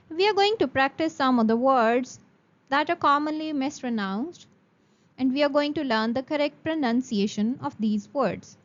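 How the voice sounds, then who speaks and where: A woman's voice: sits high, highs cut off. A woman teaching a beginner English lesson, speaking carefully and repeating words for practice.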